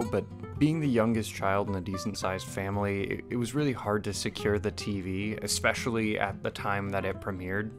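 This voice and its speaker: A man in his twenties narrating a casual video review with wry, chatty asides. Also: fairly low pitch. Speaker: YouTube reviewer.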